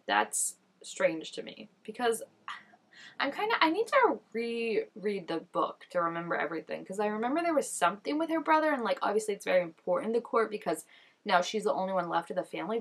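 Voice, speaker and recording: Speaking at medium pitch with a fairly bright tone, this young woman gives chatty reaction commentary as a vlogger. She says "like" a lot and lets out gasps and exclamations while watching.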